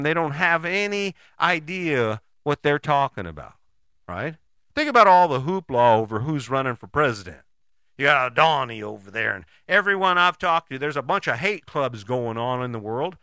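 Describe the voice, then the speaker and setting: Man, motivational talk, folksy, lively swinging pitch, bright tense tone, dry close sound. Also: moderate pace, clear, resonant tone, no room sound. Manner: folksy, acts out quoted people in short bits; often tags sentences with "right?". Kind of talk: casual motivational talk to camera.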